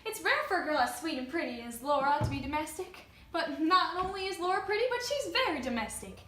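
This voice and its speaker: A woman's voice: high voice, lively intonation, fast talker, fairly bright tone. A woman playing a fussy, genteel, faded Southern mother who chatters on at length, in an amateur stage performance. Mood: gushing. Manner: gushing, talkative. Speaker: student performer. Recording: echoey room, distant mic.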